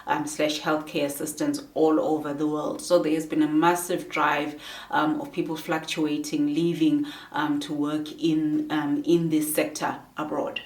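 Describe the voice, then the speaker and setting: A woman with a lowish voice talks through advice in a casual vlog, earnest and measured, often pausing with ums. She sits some way back from the mic, in a room that echoes. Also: flat delivery, darkish tone. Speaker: vlogger giving advice. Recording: roomy echo, distant from the mic.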